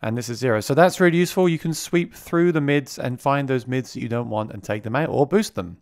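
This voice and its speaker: A man's voice: mid-range voice, brisk, a little mellow, no room sound. Chatty man demoing gear, dry sound. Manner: chatty, repeats words when restarting. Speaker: gear reviewer. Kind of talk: casual product demo. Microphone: vocal mic routed through the mixer being reviewed.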